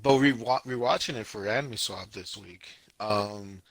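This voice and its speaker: A man co-hosting a casual podcast, retelling scenes in an animated, exaggerated way with lots of restarts and filler words. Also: on the low side, unhurried, no echo, low-quality recording. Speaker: podcast co-host. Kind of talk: casual chat about anime.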